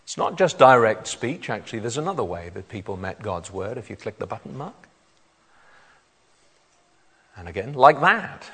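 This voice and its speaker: A man's voice: lowish voice, sing-song, a little fast, fairly bright tone, husky. A man preaching a sermon, reading scripture aloud and then explaining it to his congregation. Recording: long hall reverb.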